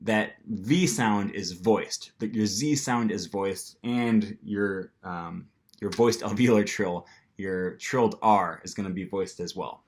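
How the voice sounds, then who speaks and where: Man, American accent, lowish voice, relaxed language lesson, acts out sounds, lots of ums. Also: slow. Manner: casual, frequent ums, demonstrates sounds. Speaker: language teacher. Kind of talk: explaining pronunciation to camera.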